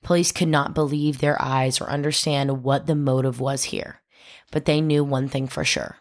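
A woman's voice: rumbling low, fairly even intonation, moderate pace. A woman podcast host telling a true crime story, dramatic and acting out the quoted voices.

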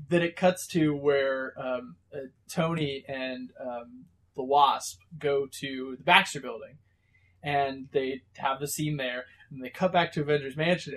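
A man's voice: a little high, measured pace. A man chatting casually, retelling cartoon scenes with frequent laughter and acted-out quotes. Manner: animated storytelling, laughs often, acts out quotes. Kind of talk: casual chat about comics and cartoons.

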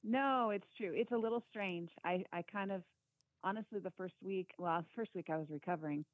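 A woman guest on a podcast, talking casually and reflectively, soft-spoken with pauses. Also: medium pitch, dry recording. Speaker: guest, quilt designer and author. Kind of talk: casual interview chat. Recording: thin phone-like line.

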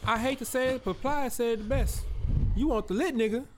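A man's voice: extremely high pitch, brisk, a little hiss or hum. A man on a podcast mocking and teasing the others in casual chat. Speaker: podcast co-host.

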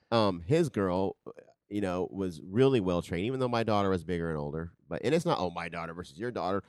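A man's voice: sits low, brisk, darkish tone, smooth, no room sound, studio quality. A man co-hosting a podcast in casual chat, blunt and joking and swearing freely. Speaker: podcast co-host and parent.

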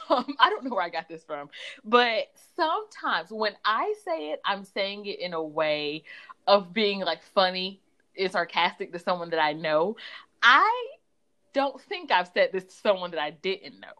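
Animated laughing woman co-host. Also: mid-range voice, a little slow. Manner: animated, laughs often, Southern-style "y'all". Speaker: podcast co-host. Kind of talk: casual chat.

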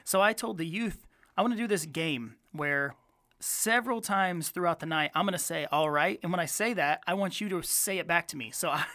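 A man, a youth minister, telling a story in casual chat with lively energy. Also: on the high side, brisk. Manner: animated storyteller, uses fillers.

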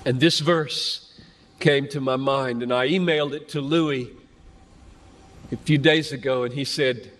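A man's voice: medium pitch, steady tone, a little slow, pauses often, fairly bright tone. An older man preaching a sermon at a conference, earnest and fervent, building his points through repetition. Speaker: pastor. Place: large hall at a conference. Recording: long hall reverb.

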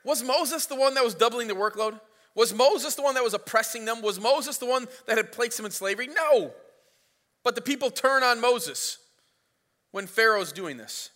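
A man's voice: very high voice, animated, normal speed, sharp tone. A man preaching a sermon as pastor, retelling the story in a casual, playful way. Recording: reverberant hall.

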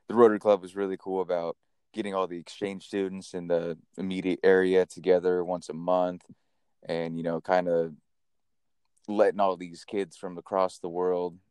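Man, podcast host, low smooth voice, dry close sound, animated casual storytelling. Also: no room sound. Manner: animated, chatty storyteller who swears casually.

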